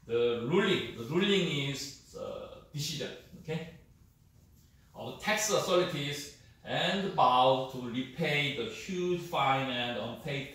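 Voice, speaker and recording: A man whose first language is Korean, lecturing a class on English usage in a halting way, repeating words and often checking with "okay?". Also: a little high, fairly bright tone. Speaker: university lecturer. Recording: echoey room, mic far off, faint noise.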